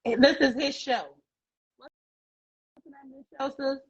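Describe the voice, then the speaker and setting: A woman's voice: high voice, fairly even intonation, measured pace, lo-fi sound, slight background noise. A woman co-hosting a podcast, casually retelling what was said in a clip. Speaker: podcast co-host.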